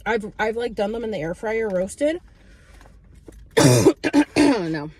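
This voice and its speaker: A woman chatting to the camera in a casual vlog from a parked car, bubbly and chatty, acting out what others said in a high voice. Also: slow, slightly rough. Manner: chatty and bubbly, retells with excited high quotes. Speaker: vlogger. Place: parked car on a road trip.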